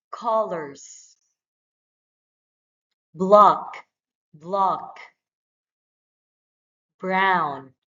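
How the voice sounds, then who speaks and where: Slow, clear woman drilling words for kids. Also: on the low side, a bit bright, lo-fi sound. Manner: says each word twice, slow and clear. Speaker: English teacher for young children.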